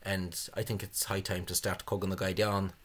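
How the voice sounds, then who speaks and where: Man, lowish voice, lecturing, halting with fillers, scornful asides. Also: level tone, fairly bright tone, breathy edge. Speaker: language video host. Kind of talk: spoken lecture on spelling reform.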